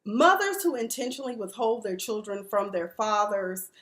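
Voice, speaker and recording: A woman's voice: mid-range voice, moderate pace, fairly bright tone. Blunt, outspoken woman in an echoey room. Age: 40s. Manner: blunt, candid, profane, mimics the people she discusses. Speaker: reality TV recap vlogger. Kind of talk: casual commentary. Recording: roomy echo.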